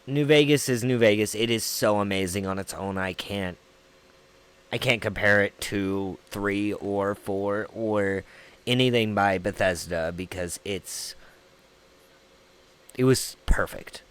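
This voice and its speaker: A man's voice: fairly low pitch, slow pace, fairly bright tone, clear, resonant tone. A man with a Southern US accent, hosting a livestream and chatting casually with his viewers in a rambling, profane, laid-back way. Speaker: livestream host.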